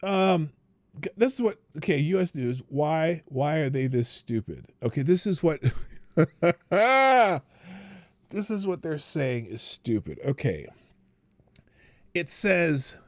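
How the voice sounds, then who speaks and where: A man's voice: on the high side, no room sound. An American man hosting a live stream, making sarcastic remarks, laughing at his own jokes and reading out news. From United States. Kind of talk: casual solo live-stream commentary.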